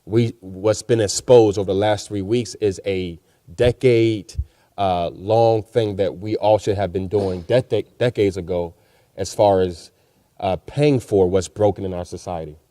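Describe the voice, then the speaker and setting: Male panelist, earnest and encouraging, with a low voice and a dry, close sound. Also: steady tone, measured pace, warm tone, no room sound. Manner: earnest and encouraging, with repeated fillers. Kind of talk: panel discussion.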